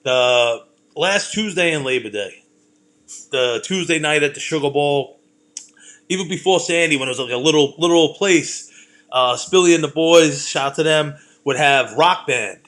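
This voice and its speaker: A man's voice: a little high, normal speed, a bit bright. A man, a comedian and host, talking in a loose, rambling monologue full of swearing and self-deprecating jokes. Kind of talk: casual monologue.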